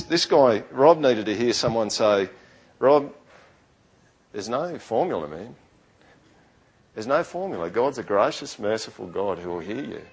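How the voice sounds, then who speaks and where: A man delivers a sermon from the pulpit in a relaxed, chatty way. His voice sits a little low, and he talks earnestly, often stopping to restart a sentence as he goes. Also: slightly rough, poor audio. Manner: conversational, earnest, with frequent restarts. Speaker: pastor.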